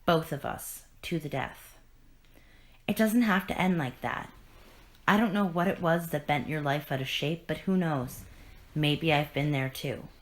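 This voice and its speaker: A woman reads a tired masked vigilante man who pleads with his enemy. Her voice sits low and the reading stays earnest and steady. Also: a little slow, low-quality recording. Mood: pleading.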